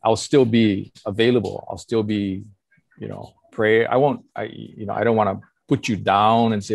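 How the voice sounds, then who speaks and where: An older man talks as a pastor giving counsel, earnest and animated, slipping into acted-out quotes. His voice is gravelly and a bit husky, and it sounds dry and close to the mic. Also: lowish voice, moderate pace, dry recording. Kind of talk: casual conversational counsel.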